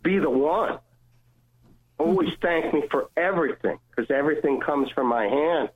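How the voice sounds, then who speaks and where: A man doing a slow divine voice. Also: a little high, lively intonation, lightly acted. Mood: admonishing. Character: voice of God, gentle, slow, admonishing. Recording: tinny phone line.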